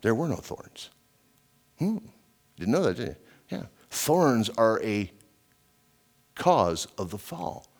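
Animated, conversational male preacher. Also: on the low side, takes it slowly, long pauses, breathy edge. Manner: conversational, emphatic, digressive, with frequent "you know". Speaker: preacher and radio Bible teacher. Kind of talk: informal expository sermon.

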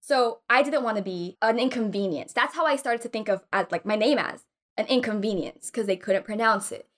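A young actress from Texas, USA, tells a story in casual podcast chat, her voice fairly high and a little fast. She is animated, acts out other people in squealing voices and laughs often.

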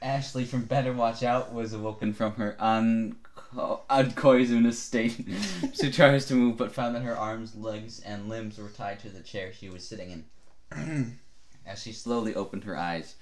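A man co-hosting a comedy podcast, reading absurd fan fiction aloud in a mostly flat voice and often breaking into laughter. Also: lowish voice, a little slow.

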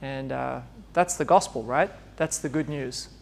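This preacher has a medium-pitched, creaky, darkish voice and keeps a measured pace. His sermon is informal and chatty, full of laughter, with snippets of dialogue he performs himself.

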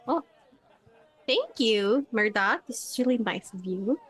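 A woman's voice: on the high side, lively intonation, a little slow, fairly bright tone, husky, some chatter behind. A woman playing a tabletop game, talking in a friendly way. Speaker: player.

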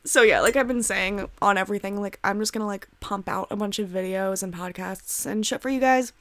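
A woman's voice: medium pitch, a little fast, a bit bright. A young American woman hosting a casual solo podcast from home, ranting heatedly with heavy swearing and lots of fillers. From United States. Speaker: podcast host.

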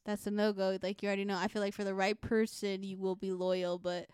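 A young woman co-hosting a podcast, telling stories in a profane, animated, casual way. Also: mid-range voice, fairly quick, smooth, dry recording, clean studio sound. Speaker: podcast co-host. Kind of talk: casual chat.

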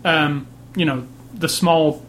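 A man's voice: a little high, slow, fairly bright tone, slight background noise. A man co-hosting a casual movie review chat, thinking aloud and often restarting his sentences. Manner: thoughtful, rambling, restarts sentences. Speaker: movie review podcast co-host.

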